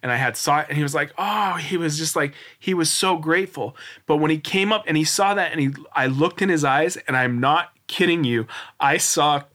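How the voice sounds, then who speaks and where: A little fast and on the high side, this man's voice comes across pushed and bright. He's a podcast guest in his forties, rambling earnestly through a personal story with many restarts and fillers in a casual interview.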